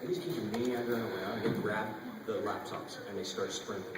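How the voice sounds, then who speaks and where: A man telling a wild story on a convention panel, animated and profane. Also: fairly low pitch, fairly quick. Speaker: panel guest actor. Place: large convention hall. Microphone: audience camera far from stage. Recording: echoey hall recorded from far off with noise.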